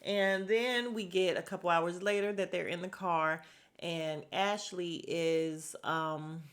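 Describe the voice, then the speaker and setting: A woman's voice: on the low side, steady tone, slow pace. A woman hosting a casual podcast recap of a reality show, chatty and blunt, with an exasperated edge.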